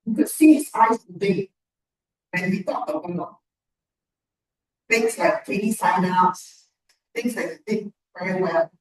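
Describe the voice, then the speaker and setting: A woman giving a measured, encouraging speech evaluation at a club meeting. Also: fairly low pitch. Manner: measured, encouraging feedback with pauses. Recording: echoey room from far off.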